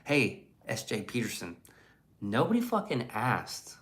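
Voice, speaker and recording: Give me a blunt, foul-mouthed man chatting on a livestream with a lively, animated voice. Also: mid-range voice, a little slow. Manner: blunt, profane, rambling. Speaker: livestream host reading chat. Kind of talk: casual livestream chat.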